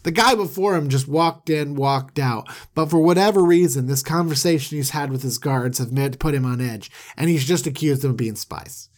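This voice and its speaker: Animated, rambling male storyteller. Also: on the high side, normal speed, hardly any pauses. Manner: animated, rambling, with many fillers. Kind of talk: casual comedic storytelling.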